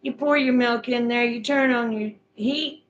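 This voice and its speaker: A middle-aged woman with a fairly high voice talks her viewers through a recipe step by step. She speaks in a homespun, chatty way and often repeats herself. A faint noise sits behind her voice. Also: fairly even intonation, a little slow, lo-fi sound. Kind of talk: casual chat, recipe instructions.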